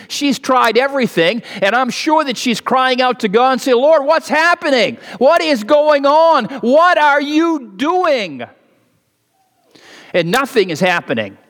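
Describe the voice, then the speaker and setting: A man's voice: high voice, fairly bright tone. A man preaching a sermon to a congregation in a conversational style, his voice rising and dropping for emphasis. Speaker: pastor. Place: church sanctuary. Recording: long hall reverb of a church.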